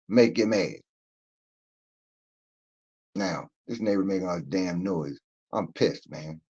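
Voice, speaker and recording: A man's voice: sits low, slow pace, pauses often, a little mellow, breathy edge, muffled recording. A man hosting a livestream, ranting emphatically with swearing and speaking straight to his viewers. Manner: emphatic, profane, addresses viewers directly. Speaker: livestream host. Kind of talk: casual commentary rant.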